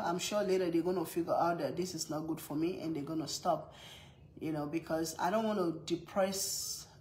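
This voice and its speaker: A woman's voice: fairly low pitch, darkish tone, slight background noise, poor audio. A mother with a strong accent chatting casually on a live stream, laughing often and greeting viewers by name. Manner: strong non-native accent.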